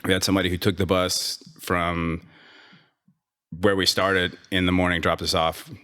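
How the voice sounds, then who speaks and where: A man's voice: deep voice, little pitch movement, moderate pace, sharp tone, clean tone. A man coaching and running a gym, telling a long story in casual interview talk, rambling and restarting, with sarcastic asides. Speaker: podcast guest, gym owner and coach.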